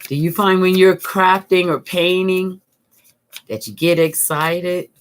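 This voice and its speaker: A woman chats through a casual crafting tutorial at an unhurried pace. She thinks aloud as she works, and her tone is calm and soothing. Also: on the low side. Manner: chatty, thinks aloud while working. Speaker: craft vlogger.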